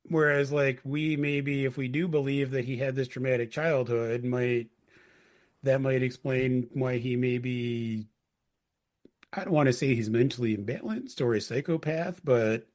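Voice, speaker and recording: A man's voice: medium pitch, steady tone, unhurried, darkish tone. A man co-hosting a podcast, talking casually and thinking aloud with hedges. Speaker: podcast co-host.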